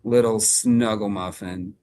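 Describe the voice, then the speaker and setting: A man's voice: on the low side, steady tone, slow, dark tone, slight background noise. Man gushing in baby talk. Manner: gushing baby talk, upbeat sign-offs. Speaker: co-host of a sewing shop live stream. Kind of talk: casual live-stream chat. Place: away from the shop, joining remotely.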